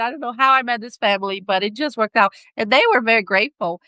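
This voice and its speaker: This middle-aged woman talks fast in a fairly high, bright, forceful voice, with no echo on the recording. Appearing as a podcast guest in a casual interview, she speaks English with a non-native accent and keeps laughing as she gropes for words.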